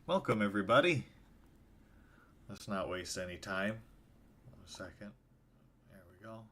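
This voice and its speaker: Relaxed man streaming a game. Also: fairly low pitch, measured pace. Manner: relaxed, apologetic, with fillers. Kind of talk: casual game stream commentary. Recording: loud background noise.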